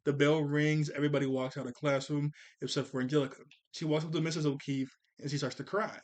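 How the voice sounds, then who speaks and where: A man's voice: on the high side, flat delivery. Chuckling young man reviewing a cartoon. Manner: chuckles often, jumps into quick character voices. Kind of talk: casual episode review.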